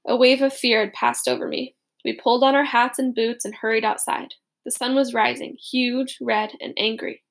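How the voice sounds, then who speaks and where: A woman reading a first-person story aloud in a steady, plain manner. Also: fairly high pitch, normal speed, vocal fry, few pauses. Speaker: audiobook narrator.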